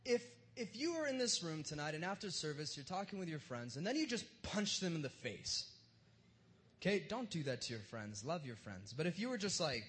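A pastor giving a sermon at a church service in a casual, joking way, with plenty of slang. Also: male voice, a little high, fairly bright tone. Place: church service in front of a live crowd.

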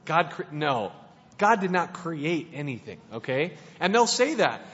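A high-pitched man preaches in a casual, playful way, circling back and restarting his sentences as he talks. His voice carries a long reverb from a hall, and the recording sounds dull and lo-fi. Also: a bit bright. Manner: playful and conversational, with many restarts. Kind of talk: casual sermon.

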